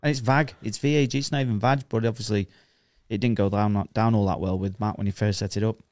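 A man with a lowish voice co-hosts a casual podcast, reading listener comments aloud and laughing along. He swears freely and keeps things jokey. The sound is dry and close. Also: fairly even intonation, fast, darkish tone, no echo. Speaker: podcast co-host.

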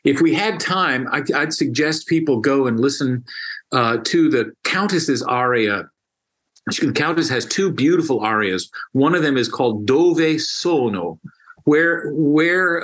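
A man's voice: mid-range voice, a little slow, a bit bright. A man talking casually and enthusiastically as a guest, often restarting and repeating words as he explains. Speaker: music guest explaining opera.

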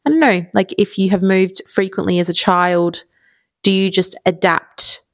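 A woman's voice: mid-range voice, level tone, normal speed, no echo. A woman in her thirties with an Australian accent, hosting a podcast in casual, rambling solo storytelling full of fillers. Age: 30s. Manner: chatty, rambling, many fillers. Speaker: podcast host.

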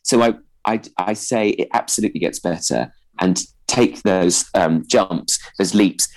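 A man's voice: sits low, a little slow, a little mellow, low-quality recording. Posh-voiced man in his thirties, hesitant. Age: 30s. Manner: hesitant, many restarts and fillers; posh-sounding voice. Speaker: guest; stand-up comedian. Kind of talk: radio interview chat.

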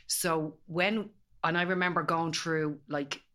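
Low-voiced Dublin Irish woman. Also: fairly even intonation, slow pace, a bit bright. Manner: storytelling, emphatic, colloquial. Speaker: guest, empowerment specialist. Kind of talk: casual podcast chat.

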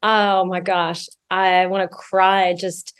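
A woman author talking as a podcast guest, expressive and talkative. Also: fairly low pitch, slow, clean tone. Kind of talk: podcast interview.

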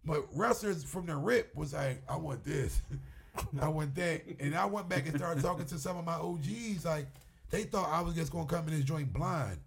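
Male guest, slightly husky and a little high, tells animated stories and curses freely. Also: a little fast. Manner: animated storyteller, swears freely. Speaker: wrestling promoter, guest. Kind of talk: casual interview chat.

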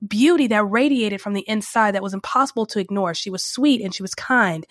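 A woman hosting a podcast, retelling a story in a chatty way with wry asides and sharp opinions. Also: medium pitch, dry recording, clean studio sound. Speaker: podcast host. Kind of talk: opinionated commentary.

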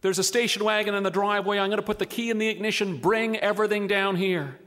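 Exasperated wife, read by a man, patient, firm, high-pitched. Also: fast, a bit bright.

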